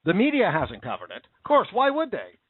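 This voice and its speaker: A man's voice: high-pitched, wildly swooping pitch, fairly quick, husky, no echo. Impassioned man on a tinny line. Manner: impassioned, repetitive, indignant. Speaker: talk show host. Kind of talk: casual political commentary.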